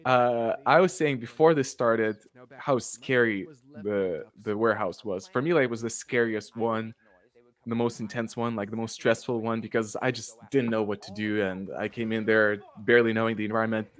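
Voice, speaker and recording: A man hosting a casual livestream chat, telling stories excitedly and laughing often. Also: fairly low pitch, normal speed. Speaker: show creator and host.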